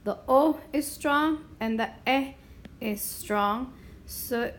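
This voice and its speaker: A woman explaining a Spanish grammar lesson in a slow, deliberate way, stopping now and then to clear her throat. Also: high-pitched. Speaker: Spanish teacher.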